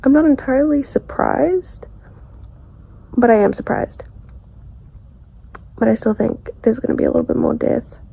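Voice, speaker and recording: Young woman, book vlogger, hushed and half-whispered, low warm tone, husky gravelly edge. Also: normal speed, long pauses, low-quality recording. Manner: soft, hushed, often whispering. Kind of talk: casual reading vlog.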